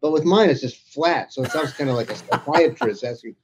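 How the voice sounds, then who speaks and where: A man's voice: fairly high pitch, a little fast, darkish tone, a little hiss or hum. A man being interviewed as an author, chatty and laughing as he tells his stories. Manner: chatty storyteller, laughs through his anecdotes. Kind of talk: anecdotal interview conversation.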